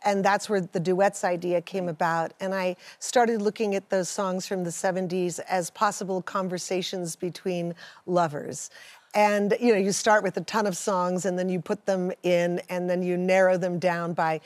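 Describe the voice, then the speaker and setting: A woman singer chatting as a guest, telling anecdotes in a lively, easy way. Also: fairly low pitch, normal speed, no room sound. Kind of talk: casual chat interview.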